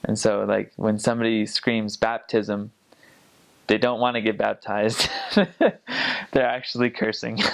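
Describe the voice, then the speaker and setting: A man's voice: lowish voice, takes it slowly, creaky. A young man, a returned missionary, telling stories in a casual, chatty way, often laughing and stopping to restart his sentences. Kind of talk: casual storytelling.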